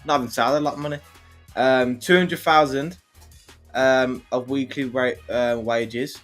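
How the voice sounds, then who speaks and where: A man co-hosting a casual football livestream, giving his opinions in a halting way full of restarts. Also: medium pitch, steady tone, fairly bright tone, faint music behind.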